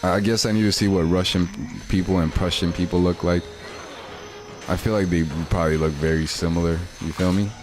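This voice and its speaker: A man's voice: low voice, fairly even intonation, a little fast. A young man, chatting casually and rambling in slang while livestreaming a game. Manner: slangy, rambling, laid-back. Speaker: streamer.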